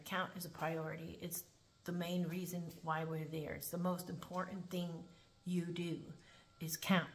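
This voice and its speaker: A woman corrections officer telling a work story in a chatty, animated way, full of "like" and "um". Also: fairly low pitch. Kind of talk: casual spoken storytelling.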